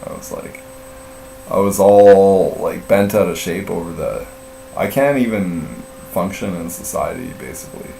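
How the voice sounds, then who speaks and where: A man's voice: deep voice, measured pace, gravelly, dark tone. A middle-aged man telling a story in casual live-stream chat, rambling and profane, full of fillers and self-mocking laughs. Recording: roomy, distant mic with faint mains hum.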